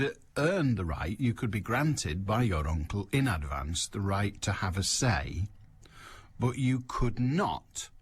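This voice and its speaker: A man's voice: fairly low pitch, husky. A man hosting a radio call-in show, chatting casually with wry, rambling asides and reading material aloud.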